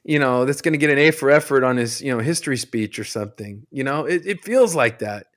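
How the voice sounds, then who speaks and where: A man's voice: medium pitch, lively intonation, fast. A man on a podcast panel chatting casually, mocking and swearing, often laughing.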